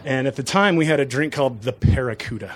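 A man's voice: medium pitch, fast talker. A man tells bar stories to an audience in a loose, chatty way, laughing at his own lines. His voice sits in an ordinary middle range. A faint hum of ambience lies behind him. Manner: casual, chuckling often, lively storyteller. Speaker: bartender. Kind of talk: storytelling talk to an audience.

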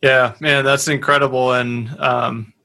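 Flat gravelly man, bright tone. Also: medium pitch, measured pace. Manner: loose, searching phrasing. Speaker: podcast host. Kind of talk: casual interview chat.

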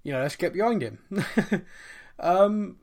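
Guy hosting a footy podcast, slightly high voice, chatty and laughy. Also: expressive, takes it slowly, a little mellow. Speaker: podcast host. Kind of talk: casual chat.

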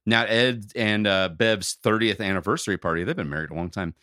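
Male co-host, low voice, dry close sound, rambling casual recap. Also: fairly quick, bright, forceful tone, no echo. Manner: rambling, frequent fillers. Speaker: podcast co-host. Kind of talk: casual chat recapping a cartoon.

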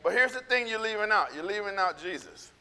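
A man preaching in a church, with a fairly high, bright voice. He rambles and repeats himself, then builds into fervent encouragement. A long hall reverb trails his words. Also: lively intonation, fairly quick, smooth. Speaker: pastor. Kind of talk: casual sermon storytelling. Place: church sanctuary.

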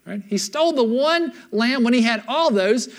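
A man with a notably high voice delivers a sermon as a pastor, telling an old scripture story in casual, everyday language. He keeps checking in with his listeners as he goes. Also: moderate pace. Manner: animated storyteller, checks in with the room.

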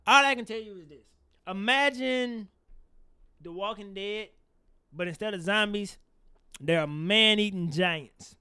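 A high, bright-voiced man holds forth on a casual podcast. He talks animatedly and swears freely. The sound is close and dry. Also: unhurried, long pauses, smooth, no room sound. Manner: animated, swearing, laughs often. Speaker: podcast co-host. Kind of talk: casual chat.

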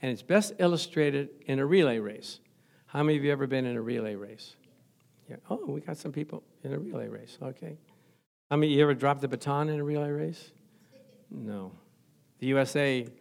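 A man's voice: medium pitch, vocal fry, a little mellow. A middle-aged man preaching a sermon as pastor in a church, joking playfully with the congregation.

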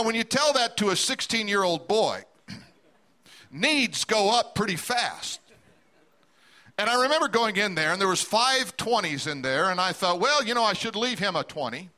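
Middle-aged male pastor, storytelling sermon, high bright voice. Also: very animated, measured pace, pauses often. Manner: storytelling preacher, acting out quoted voices.

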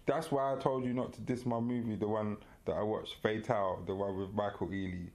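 A man in casual podcast chat, telling a long story with slangy, animated energy. His voice sits low, and he laughs often as he talks. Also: fairly quick. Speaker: podcast co-host.

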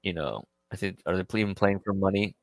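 A man's voice: deep voice, fast talker, no room sound. A man from the American Midwest, co-hosting a casual movie-review chat in a rambling way and laughing often. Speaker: podcast co-host.

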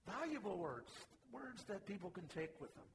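A man's voice: sits high, big pitch swings, moderate pace, big-room sound, background noise. A man preaching a sermon in a folksy, conversational way, with small personal asides. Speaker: pastor.

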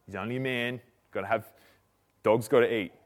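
A man preaching a sermon, retelling a story in a relaxed, chatty way with slang and frequent restarts. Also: mid-range voice, normal speed.

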